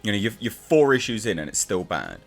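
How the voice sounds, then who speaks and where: A man delivers a casual review with sarcastic exasperation. His voice sits fairly low but leaps up and down with lively swings. Faint music plays underneath. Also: fairly quick, creaky. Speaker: comic book reviewer.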